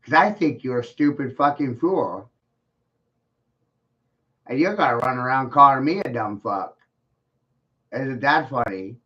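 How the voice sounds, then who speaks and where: Brief: slow-talking swearing ranter, mocking laughs, muffled lo-fi vlog audio. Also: male voice, mid-range voice, lively intonation, a bit bright. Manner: mocking, swearing, laughs at his own points. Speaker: video blogger. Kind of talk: profane rant to the camera. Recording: dull lo-fi sound.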